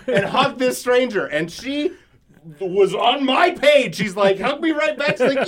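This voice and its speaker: Podcast guy rambling and cursing, bouncy voice all over the place, slightly high. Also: lively intonation, a little slow, a bit bright. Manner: loose, profane storytelling with frequent laughs. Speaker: podcast co-host. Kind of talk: casual chat.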